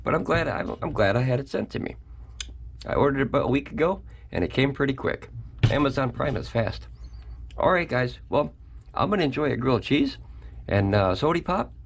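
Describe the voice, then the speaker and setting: A man's voice: mid-range voice, lively intonation, a little fast, vocal fry, slight background noise. A man hosting a casual product review vlog, chatty and folksy, talking straight to his viewers from a home kitchen.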